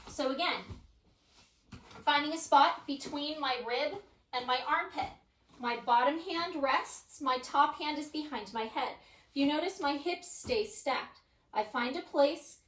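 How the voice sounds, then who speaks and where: Woman, Pilates instructor, high-pitched, encouraging cues, echoey studio. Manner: calm, encouraging cues with frequent "right?". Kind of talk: follow-along workout instruction. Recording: echoey room.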